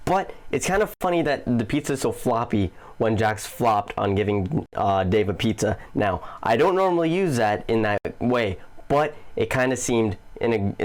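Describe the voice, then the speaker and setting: A man's voice: lowish voice, lively intonation, normal speed, few pauses. A man hosting a casual video commentary. He talks in a goofy, loose, profane way and chuckles often. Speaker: commentary channel host.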